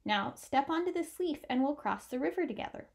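A woman voicing a kindly magical female frog in a storybook, with a gravelly voice. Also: sits high, expressive, brisk, pitched above the performer's own voice. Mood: encouraging. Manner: kindly, encouraging.

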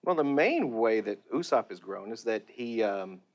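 A man's voice: lowish voice, expressive, normal speed, highs cut off. A middle-aged man, a voice actor, chatting animatedly in an interview and laughing often. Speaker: voice actor guest. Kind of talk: casual interview.

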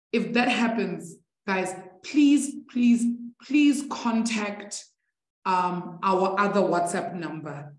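A South African woman with a medium-pitched voice teaches a live online maths class. She is chatty and encouraging, laughs easily with her students, and her voice echoes off the room around her.

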